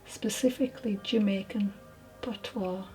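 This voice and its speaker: Slow, mellow woman medium. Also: medium pitch, fairly even intonation, faint music behind, rough recording. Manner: hesitant, apologetic, soft whispered asides. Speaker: spiritual medium. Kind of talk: channelled mediumship reading.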